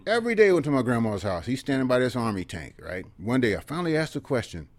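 A man in his seventies, a military veteran, telling personal stories earnestly in an interview, often dropping to quiet asides. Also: medium pitch, very animated, fast, dry recording. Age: 70s. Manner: earnest, repeatedly drops into quiet asides and tags "okay?".

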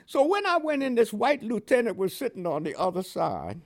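With a high voice at normal speed and some vocal fry, an older man from Panama recalls his time as a veteran for an oral history interview. His New York accent has a West Indian tinge, and he tells his stories with energy, laughing a lot and performing the dialogue.

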